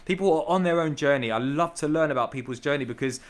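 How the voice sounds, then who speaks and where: A man appears as a guest on a casual podcast, talking about his business with eager, emphatic enthusiasm. His voice sits a little high, and he repeats his points and calls the host bro. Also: fast. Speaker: podcast guest, tree surgery business owner.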